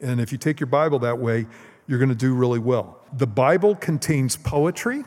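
A man's voice: medium pitch, moderate pace, a little mellow. A man giving a conversational teaching sermon as pastor, often asking the congregation questions. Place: church sanctuary. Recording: long hall reverb.

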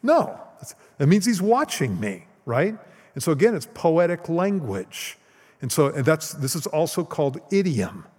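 Male pastor, conversational teaching sermon, slightly raised pitch, long church-hall reverb. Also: big pitch swings, moderate pace, darkish tone. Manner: conversational, rhetorical questions to the congregation. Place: church sanctuary.

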